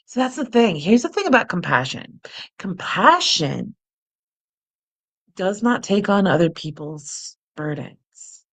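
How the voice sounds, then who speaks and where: A middle-aged woman hosting a guided breathing practice, speaking softly and laughing at herself now and then. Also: medium pitch, very animated. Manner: soft and unhurried, laughs at herself. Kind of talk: gentle guided meditation, chatty asides. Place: home, close to the camera. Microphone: camera mic, close.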